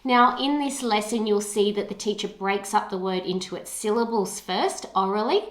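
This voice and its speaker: A woman with an Australian accent, narrating an instructional video about teaching reading and spelling in a clear, explanatory way. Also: mid-range voice, normal speed, echoey room.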